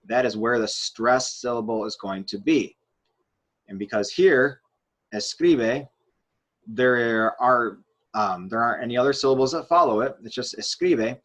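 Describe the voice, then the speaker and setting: A man's voice: mid-range voice, a bit bright. A man teaching a grammar lesson, explaining step by step while he writes on a board, with frequent fillers and restarts. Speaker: Spanish teacher.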